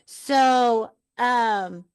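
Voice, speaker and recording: A woman's voice: a little high, very slow, clean tone, dry recording. A woman hosting a live podcast, telling an earnest, rambling personal story as a mom. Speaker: podcast host.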